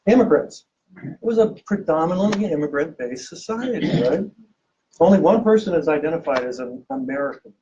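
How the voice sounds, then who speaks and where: A man's voice: a little high, expressive, brisk, warm tone, slight background noise. Joking male archivist lecturing a live audience. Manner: jokey, teasing, quizzes the audience. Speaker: university archivist giving a public talk. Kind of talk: lively public lecture with audience questions. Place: event room with a live audience. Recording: distant, dull lo-fi room recording.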